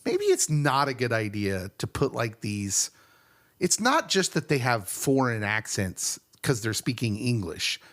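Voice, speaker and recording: Male podcast co-host, lively pitch, casual chat, quick to laugh. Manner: animated, laughs often.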